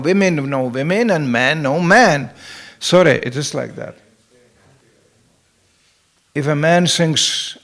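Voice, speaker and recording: In a temple hall, a middle-aged temple president lectures on scripture with humor, his slightly high voice slow and full of pauses. He brings the quoted voices to life as an animated storyteller.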